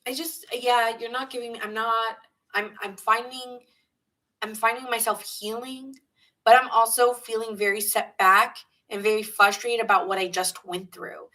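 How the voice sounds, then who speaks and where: A woman with a New York accent gives a live tarot reading, chatting loosely and greeting viewers. Her voice is bright and forceful. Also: fairly high pitch, steady tone, normal speed, poor audio. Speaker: tarot reader.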